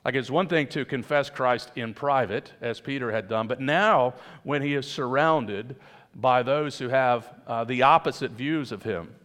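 A man's voice: medium pitch, a bit bright, big-room sound. A man preaching a sermon, talking to the congregation in a conversational way and asking rhetorical questions. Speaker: pastor.

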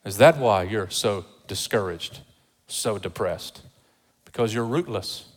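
A pastor preaching a sermon with emphasis, repeating rhetorical questions to the congregation. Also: male voice, fairly low pitch, lively intonation, a little slow, big-room sound.

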